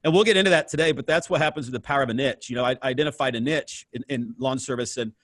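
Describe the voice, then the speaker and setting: A Midwestern man in his thirties races through his account as a guest on an entrepreneurship interview, his mid-range voice captured without echo. He's a lively storyteller who keeps things casual and performs the dialogue himself.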